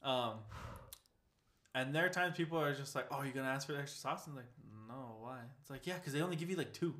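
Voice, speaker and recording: A man's voice: mid-range voice, quick pace, fairly bright tone. A young man in casual chat with friends, rambling and swearing, often laughing.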